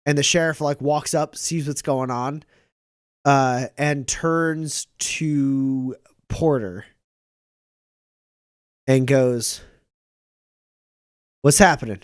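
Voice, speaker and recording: A man running a tabletop game as game master, narrating in a relaxed way with many fillers. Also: mid-range voice, extremely slow, long pauses, clean tone, no echo, studio quality.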